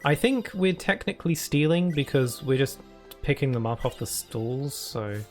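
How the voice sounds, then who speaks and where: A man's voice: medium pitch, lively intonation, moderate pace, soft background music. British male game streamer with a mid-range voice and an easy, chatty, laugh-prone delivery. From United Kingdom. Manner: chatty, laughs often, reads chat and on-screen text aloud. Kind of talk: casual gameplay chat.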